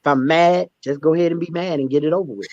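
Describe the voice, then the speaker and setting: A stand-up comedian appears as an interview guest, sharing his stories candidly in an emphatic, animated way. His slightly high voice moves fast, and he often repeats himself when restarting a thought. The recording is dry and somewhat muffled.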